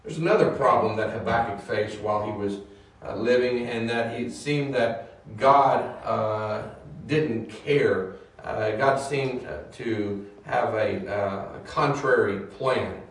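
Man teaching a Bible class, hesitant then animated; distant mic, very echoey room. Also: lowish voice, slow. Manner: hesitant with many fillers, grows animated.

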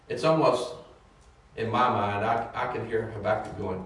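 A male Bible teacher leads his class, often pausing on fillers and then picking up speed with animation. His voice sits at a middle pitch. He is heard from far off in a very echoey room. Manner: hesitant with many fillers, grows animated.

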